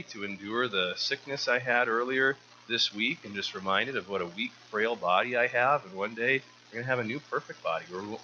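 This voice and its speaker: Male church speaker, earnest and stumbly, very bright sharp tone, slightly dull recording. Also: on the low side, a little hiss or hum. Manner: earnest, often repeats words while restarting. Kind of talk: informal sermon.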